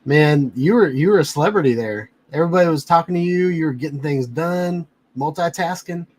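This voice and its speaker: Male guest, slightly high voice, upbeat and quick, sits back from the mic. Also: a little mellow. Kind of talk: casual chat.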